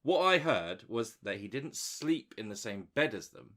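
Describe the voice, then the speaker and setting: Bloke on a podcast, rambling and sweary, mid pitch. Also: male voice, big pitch swings, measured pace, fairly bright tone. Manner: rambling storyteller, frequent restarts and swearing. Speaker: podcast co-host. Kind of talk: casual chat.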